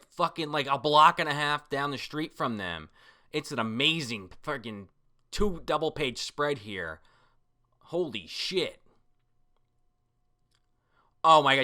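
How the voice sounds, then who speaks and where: A man reading through a comic chapter aloud, reacting excitedly with frequent swearing and exclamations. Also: medium pitch. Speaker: manga reader reacting to a chapter. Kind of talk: excited read-through commentary.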